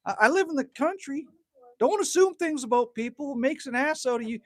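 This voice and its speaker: A man's voice: extremely high pitch, lively intonation, a little fast, a bit bright, no echo. A Canadian man chatting on a livestream by an outdoor campfire, his voice rising and falling a lot. He is talkative and reads viewer comments aloud as he goes. The sound is dry and close. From Manitoba, Canada. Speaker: livestream host. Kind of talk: casual livestream chat.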